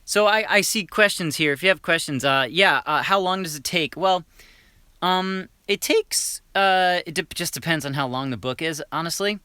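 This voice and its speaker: Young male voice actor, casual stream chatter, bright tone, dry sound. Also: fairly high pitch, moderate pace, clean tone, no room sound. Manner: chatty, laughs often, many restarts. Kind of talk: casual livestream chat.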